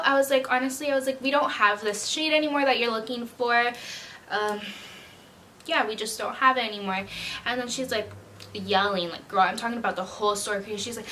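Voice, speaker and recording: A young woman with a slightly high voice tells a storytime straight to camera. She talks in a chatty, slangy way and acts out both sides of each exchange. There is a faint hiss of room noise behind her. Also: brisk, fairly bright tone. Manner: chatty slangy storytelling, acting out quoted customers. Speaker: vlogger and retail worker. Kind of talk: casual storytime chat.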